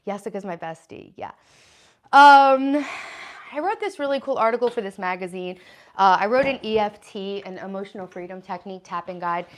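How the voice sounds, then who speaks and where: A woman's voice: mid-range voice, moderate pace. A woman hosting a casual livestream from her home kitchen, chatting and reading out viewer comments as she answers them. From United States. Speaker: livestream host.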